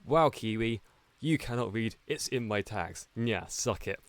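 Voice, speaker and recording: A man's voice: fairly low pitch, expressive, measured pace, no room sound. A young British man streaming a horror game, joking and teasing his chat with a slightly scratchy voice. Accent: British English. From Britain. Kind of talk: casual gameplay chat with viewers.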